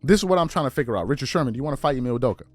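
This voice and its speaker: A man's voice: medium pitch, expressive, very fast, dry recording, faint music behind. A man hosting a podcast, riffing through incredulous rhetorical questions in casual commentary. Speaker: podcast host.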